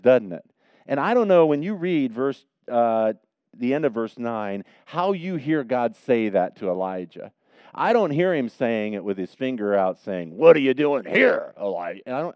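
A man preaching a sermon in a church, swinging between loud emphatic questions and soft, quiet prayer. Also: medium pitch, clean tone, dry recording, highs cut off. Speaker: pastor.

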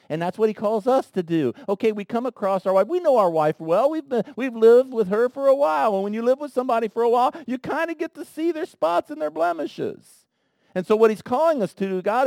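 Male pastor, sermon, lively up-and-down delivery, fairly high voice, dry close sound. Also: no room sound. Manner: animated, swings between soft asides and loud emphasis; conversational, addresses men in the congregation directly.

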